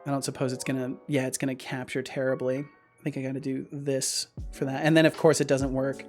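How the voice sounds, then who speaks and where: Male streamer, casual chat, rambling and hesitant, excitable outbursts, faint music behind. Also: medium pitch, brisk. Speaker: streamer and game developer.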